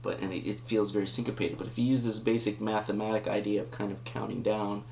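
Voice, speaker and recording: A guitar teacher with a fairly low, fast voice, little pitch movement, and vocal fry gives a casual lesson, explaining rhythm and counting beats aloud as he works it out. The sound is roomy, with his own loud guitar playing and slight background noise.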